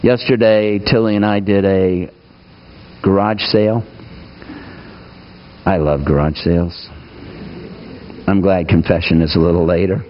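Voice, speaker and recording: A man's voice: low voice, fairly even intonation, a little slow, long pauses, lo-fi sound, slight background noise. A man preaching a conversational sermon in a church, folksy and asking the congregation questions.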